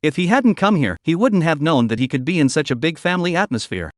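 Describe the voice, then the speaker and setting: Recorded dry and close to the mic with no room sound, a man walks through a comic recap in a steady, even reading voice. His pitch is a little high for a man, and he keeps a quick pace.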